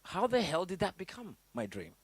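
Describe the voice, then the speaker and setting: Animated man giving a motivational talk. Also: sits high, normal speed, breathy edge, no echo. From Africa. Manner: candid, animated storytelling with swearing and audience questions. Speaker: startup business coach.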